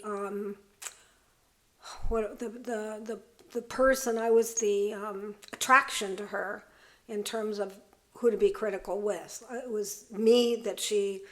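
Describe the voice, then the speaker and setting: Slow, halting woman telling a personal story. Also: mid-range voice. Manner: halting, many fillers and restarts; earnest, thoughtful. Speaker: video host sharing personal story.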